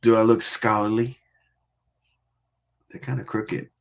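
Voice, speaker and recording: A man's voice: lowish voice, level tone, unhurried, creaky. A man from Connecticut hosting a music livestream, chatting casually in a playful, teasing, rambling way with frequent laughs. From Connecticut, USA. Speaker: livestream music show host.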